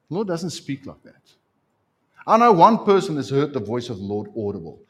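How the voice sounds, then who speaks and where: Animated male preacher. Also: medium pitch, moderate pace. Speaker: pastor. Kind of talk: sermon.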